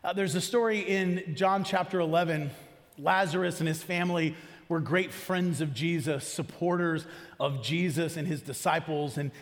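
Speaking in a fairly high voice, a man preaches a sermon in a church auditorium, keeping it conversational and regularly questioning the congregation. A long reverb tail trails his words.

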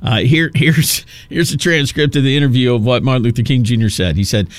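A man's voice: medium pitch, a little fast, no room sound. A man hosting a talk radio show, delivering a mocking, sarcastic monologue into a studio mic.

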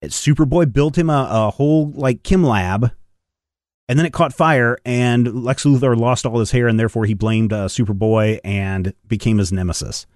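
A man co-hosting a podcast, chatting casually about comics in an animated way. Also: mid-range voice, normal speed, no room sound, studio quality. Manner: animated, acts out quoted lines in funny voices. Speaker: podcast co-host.

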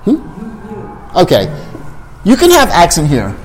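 Guy teaching english in a classroom, kinda high voice, bouncy, says stuff twice for the class. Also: moderate pace, pauses often. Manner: animated, repeats phrases for learners, mixes in Japanese.

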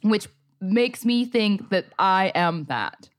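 A young adult woman co-hosting a podcast in casual chat, telling stories with quick self-mocking asides. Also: medium pitch, animated. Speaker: podcast co-host.

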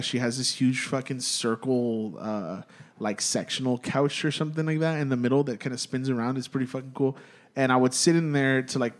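Rambling, profane young man telling a story. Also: medium pitch. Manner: rambling and profane, peppered with "dude" and restarts. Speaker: storyteller among friends. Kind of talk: casual chat, telling a spooky story.

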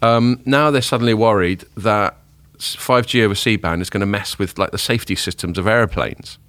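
A man with a deep, low voice hosts a casual tech podcast. He talks in a relaxed, opinionated way. The sound is close and dry, with no room echo. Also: moderate pace. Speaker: podcast host.

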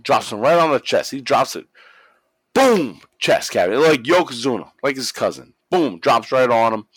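This podcast co-host speaks in a mid-range voice, a little fast and slightly breathy, with no room sound. Chatting casually, he recounts a wrestling story with lively energy, plenty of swearing, and acted-out quotes.

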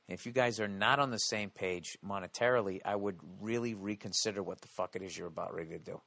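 A man's voice: on the low side, quick pace, creaky, hardly any pauses, pushed and bright, dry recording. A man hosting a podcast, ranting bluntly and swearing constantly. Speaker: podcast host. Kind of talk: profane casual podcast rant.

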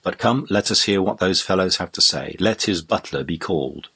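A stern older baronet, indignant and exclaiming, as a man reads him aloud. The voice sits very low and husky, with a stern edge that carries through the storybook reading. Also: lively intonation, moderate pace, bright, forceful tone, full character voice. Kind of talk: audiobook reading.

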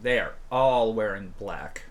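A man narrating as game master of a tabletop game in a laid-back, loose way, with frequent pauses. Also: lowish voice, animated.

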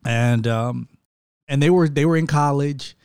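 Young guy, guest storyteller, does the voices of people he quotes; even mid pitch, dry mic. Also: a little slow, clear, resonant tone, no room sound. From Georgia, USA. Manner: animated, acts out quoted people. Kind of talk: casual faith-based storytelling.

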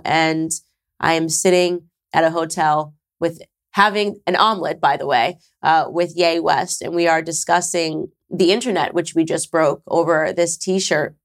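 A woman hosting her own talk show, speaking straight to camera in a conversational, emphatic way with sarcastic asides. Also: low voice. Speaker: podcast host. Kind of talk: casual monologue to camera.

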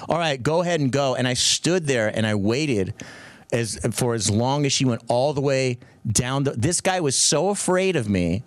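A middle-aged man co-hosting a radio show, telling a story in an excitable way and acting out quotes in a raised voice. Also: mid-range voice, moderate pace, dry recording. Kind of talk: animated storytelling chat.

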